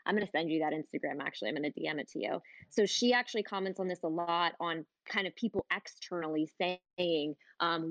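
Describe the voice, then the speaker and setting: A woman's voice: fairly low pitch, fast, no echo, lo-fi sound. A woman in her thirties hosting a live talk, speaking earnestly and conversationally about her children. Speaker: host of a live online talk. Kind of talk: casual heartfelt talk.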